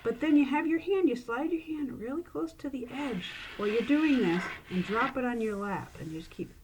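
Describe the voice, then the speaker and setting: A woman's voice: a little high, animated, moderate pace. A woman librarian casually walking viewers through coin tricks, chatty and playful, laughing at her own slips. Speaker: librarian demonstrating magic tricks. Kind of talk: casual how-to demonstration. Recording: noisy room with clicks.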